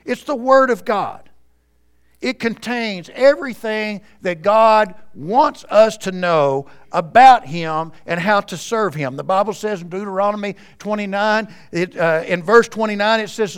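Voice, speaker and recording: Male pastor, high-pitched, earnest sermon, speaks straight to the congregation at a church service. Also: measured pace, clean tone. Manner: earnest, addresses the congregation directly.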